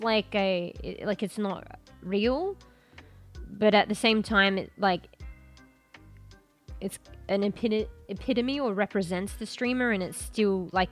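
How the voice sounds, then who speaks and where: A woman's voice: mid-range voice, normal speed, soft background music. A woman streamer chatting casually with her viewers, rambling with lots of fillers and restarts, her throat sore and coughing.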